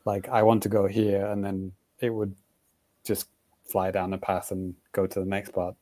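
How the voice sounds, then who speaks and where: Low mellow-voiced man co-hosting. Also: flat delivery, moderate pace. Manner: rambling, hedges with "like". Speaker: podcast co-host. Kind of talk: casual chat.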